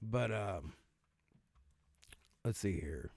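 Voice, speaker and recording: A man's voice: lowish voice, expressive, extremely slow, vocal fry, a little mellow, no echo, studio quality. A man hosting a casual video, reading out laws and reacting with swearing, laughter and stumbles over words. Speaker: video host.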